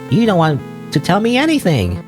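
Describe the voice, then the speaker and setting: A man's voice: high-pitched, huge pitch swings, brisk, music in the background, pitched above the performer's own voice. A man reading game dialogue aloud as a young woman who pleads with her partner in a hurt, reproachful way.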